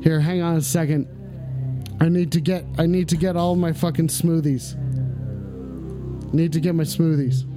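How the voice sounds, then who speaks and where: High-voiced, excitable cursing stream host. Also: male voice, music in the background. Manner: excitable, cursing, breaks into shouting; deliberate slowdowns for comic effect. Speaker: host of a comedic call-in stream. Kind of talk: profane comedic live stream.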